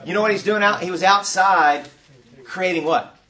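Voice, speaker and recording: A man leading an interactive teaching session at a conference, quizzing his audience in an animated way. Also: sits high, normal speed. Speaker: workshop teacher.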